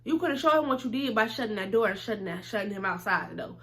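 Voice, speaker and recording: A young woman telling a casual storytime, animated and slangy, acting out both sides of the conversation. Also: medium pitch, fast.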